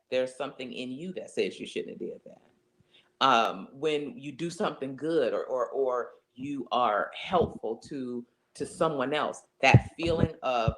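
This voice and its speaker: A woman guest in an interview, speaking about faith in an animated, emphatic way and acting out the voices she quotes. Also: extremely low pitch, unhurried. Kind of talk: conversational interview, inspirational.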